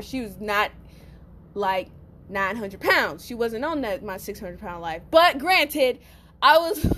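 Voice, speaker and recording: Brief: a woman podcast host spinning a story, salty and lively, voice on the higher side. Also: a little hiss or hum. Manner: profane, animated, acts out quotes; addresses listeners as y'all. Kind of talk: casual storytelling monologue.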